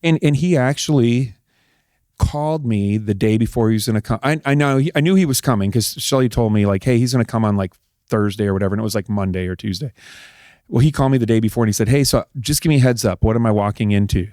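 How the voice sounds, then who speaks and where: Animated man telling a story. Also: on the low side, fast talker, dry recording, clean studio sound. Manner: animated, acts out quoted dialogue. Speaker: interview guest, husband of a politician. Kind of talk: casual storytelling.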